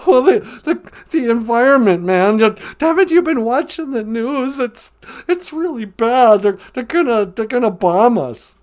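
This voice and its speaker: A man's voice: very high voice, animated, measured pace, darkish tone, voice pushed up. A man voicing a panicky male cowardly lion who calls in and rambles about his fears. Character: jittery anxious male cowardly lion caller. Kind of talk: comedy podcast bit.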